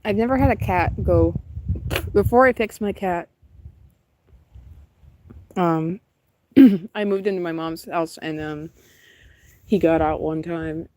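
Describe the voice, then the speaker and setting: Young woman just rambling on a stream, kinda low voice, dry close sound. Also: a little mellow, dry recording. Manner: chatty, rambling, laughs often. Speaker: streamer chatting while painting. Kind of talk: casual rambling chat. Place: outdoors in cold wind.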